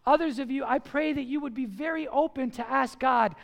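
A man's voice: very high voice, fairly quick, vocal fry, hardly any pauses, fairly bright tone. A man preaching a sermon as pastor in a church, emphatic and full of rhetorical questions.

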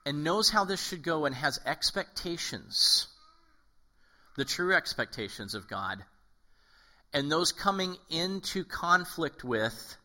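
Bright-voiced man preaching a lively sermon. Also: mid-range voice. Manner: animated, acts out quoted voices, frequent "okay?". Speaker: pastor. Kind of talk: conversational sermon.

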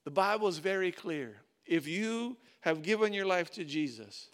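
A man's voice: sits high, brisk, vocal fry, hardly any pauses, fairly bright tone. A male pastor preaching a sermon in an informal, conversational way, repeating words for emphasis.

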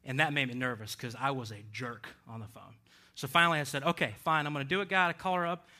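Pastor guy preaching, telling a story on himself, bright edge to his voice, laughs a lot. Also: medium pitch, quick pace. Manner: animated, laughs between lines. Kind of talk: storytelling sermon.

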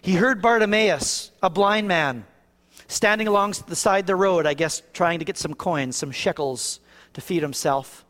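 A man preaching a sermon as pastor, shifting from hushed passages to raised, emphatic ones. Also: sits high, moderate pace. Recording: long reverb of a hall.

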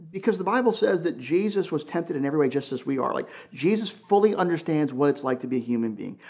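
A man's voice: on the high side, gravelly. A male pastor preaching in a conversational, emphatic way, full of casual asides. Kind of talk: sermon.

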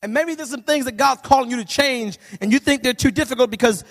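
High-voiced preacher telling funny stories. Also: male voice, fast talker. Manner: animated, humorous storytelling that swells into shouting. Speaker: pastor. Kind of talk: sermon. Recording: reverberant hall.

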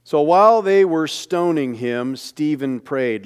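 A man's voice: on the high side, expressive, slow pace, hardly any pauses, smooth. Conversational male preacher giving a sermon. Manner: conversational, joking asides and rhetorical questions.

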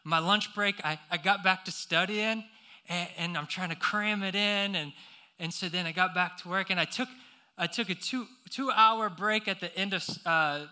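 A man's voice: high voice, normal speed, sharp tone, clear, resonant tone. A young man preaching a sermon, telling a personal story with lots of fillers and restarts before turning to scripture.

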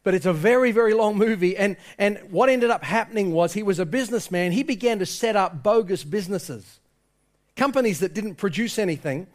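High-voiced man preaching with passion. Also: a little fast. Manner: impassioned storytelling, quoting people in his tale. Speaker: pastor. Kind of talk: sermon.

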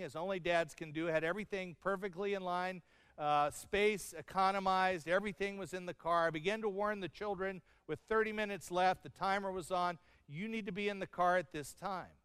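Delivering a sermon, a middle-aged pastor uses a high, smooth, resonant voice with a fairly bright tone. His storytelling mixes in humor, and he performs every quoted line. His voice is close and dry on the mic, with a long hall reverb trailing behind.

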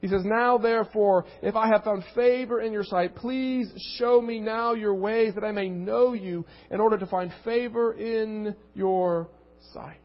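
Through a muffled recording with long reverb, a high-pitched pastor keeps a steady tone and measured pace. He reads scripture and preaches with earnest emphasis, repeating words to drive his point home.

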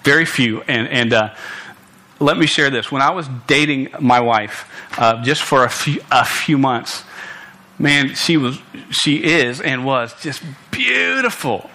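A man's voice: medium pitch, animated, measured pace, pushed and bright. A young man preaching a sermon to a congregation in a room, earnest and direct, often stumbling and restarting his words. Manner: earnest, stammering restarts, punchy asides to listeners.

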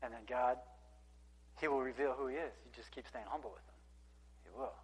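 A man's voice: mid-range voice, brisk, husky. A man preaching a sermon in a conversational, emphatic way, reading scripture aloud and breaking in with casual asides. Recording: long hall reverb.

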